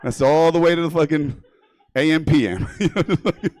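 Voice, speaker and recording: A man's voice: fairly high pitch, a little fast, a little mellow, no room sound. Brash, profane New comedian man. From New York. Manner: brash, profane, laughing at his own jokes. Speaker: stand-up comedian. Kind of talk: stand-up comedy set. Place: comedy theater stage.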